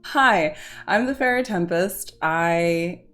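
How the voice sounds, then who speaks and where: A woman hosts her game livestream in a relaxed, slow way of talking, awkward and giggly as she greets viewers. Soft music plays faintly behind her voice. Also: lowish voice. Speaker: livestream host. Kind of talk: casual livestream chat.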